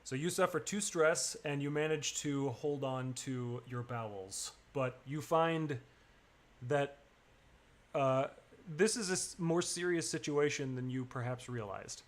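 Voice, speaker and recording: A man narrating as game master in a tabletop game, loose and halting, pausing and restarting as he sets each scene. His voice sits at an ordinary middle pitch.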